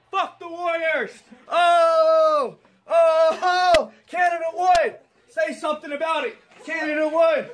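A man shouting and screaming with joy, swearing as he celebrates. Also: very high-pitched, fairly even intonation, takes it slowly, reverberant, a little hiss or hum. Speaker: celebrating fan.

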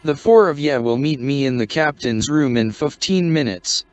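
A man's voice: on the high side, animated, moderate pace, no room sound, lightly acted. A man voicing a dour young Scottish ship's chief engineer, speaking dry and restrained in broad dialect. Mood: stern. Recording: dull, muffled lo-fi recording.

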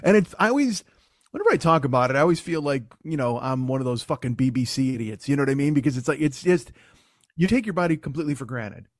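A man's voice: mid-range voice, lively intonation, quick pace, dry recording, studio quality. A man hosting a podcast, doing a comedic monologue that rambles and swears a lot. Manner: profane, rambling riffing. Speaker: podcast host.

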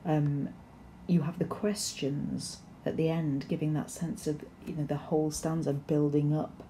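Woman English teacher, low and mellow, explains patiently with ums, faint background noise. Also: unhurried. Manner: explanatory, steady, with frequent ums and restarts. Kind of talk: recorded poetry lesson with slides.

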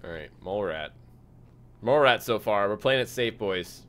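Over background noise, a young man with a low-leaning voice talks at normal speed during a game stream. His tone is relaxed as he reads viewer chat aloud and fills gaps with frequent fillers.

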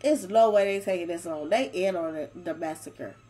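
A woman hosting her own horror reaction channel, talking back to the screen in an emphatic, excitable, chatty way. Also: lowish voice, normal speed, a little hiss or hum, low-quality recording. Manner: chatty, uses homespun comparisons. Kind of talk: casual reaction commentary.

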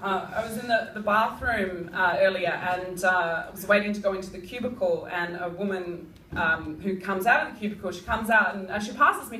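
A woman's voice: mid-range voice, lively intonation, moderate pace. A young Australian woman doing a stand-up comedy set, rambling and giggly, with lots of "like" and "um". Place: comedy club. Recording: echoey club mic heard from far off. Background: audience room noise.

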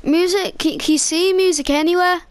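A woman's voice: very high voice, steady tone, normal speed, no room sound. A woman playing a student in a casual game role-play, talking hesitantly with many fillers.

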